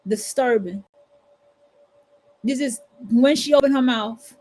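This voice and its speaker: Blunt, high-voiced New woman. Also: slow pace, warm tone, soft background music. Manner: blunt and profane, preaching to listeners. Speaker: livestream host. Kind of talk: casual monologue.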